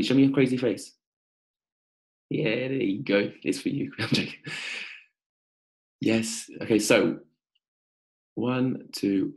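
A man hosting a live-stream coaching pitch, energetic and upbeat, calling out viewers by name.

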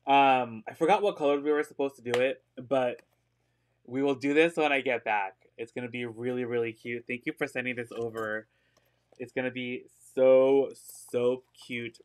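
Speaking at a medium pitch with a clean tone, this man runs a live-stream sale of pre-owned designer handbags. His talk is loose and filler-heavy, full of giggles and enthusiastic gushing about each purse.

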